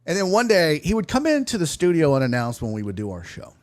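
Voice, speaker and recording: A man with a high, very lively voice tells a rowdy, profane story. He is a comedian and sports talk host, a guest on a casual podcast chat. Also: fast talker.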